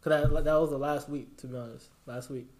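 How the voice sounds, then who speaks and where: A man's voice: medium pitch, steady tone, a little fast, darkish tone. A young man on a podcast chatting casually in slangy banter, talking about his clothing brand. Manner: laid-back slangy banter, laughs often.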